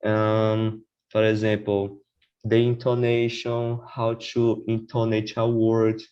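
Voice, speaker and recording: A man's voice: fairly low pitch, monotone, slow pace, darkish tone, lo-fi sound. A man speaking as a guest on a casual podcast about learning English. He talks hesitantly, often saying "for example" and "right?".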